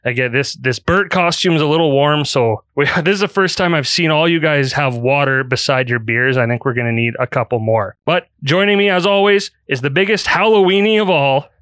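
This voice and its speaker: A man hosting a podcast, jokey and quick to laugh. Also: fairly high pitch, a bit bright, dry recording. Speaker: podcast host. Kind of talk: casual podcast chat. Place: podcast studio.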